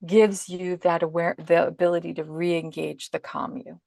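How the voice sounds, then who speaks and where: A woman parenting coach in a podcast interview, explaining calmly and acting out her own inner self-talk as examples. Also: fairly low pitch, normal speed, creaky, no room sound, clean studio sound.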